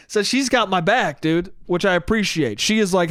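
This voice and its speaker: Young male podcast host, slightly high voice, dry close sound, chatty and profane storyteller. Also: animated, a little slow, pauses often, fairly bright tone, clear, resonant tone, dry recording. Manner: loose, profane and conversational, with frequent restarts. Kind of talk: casual solo storytelling.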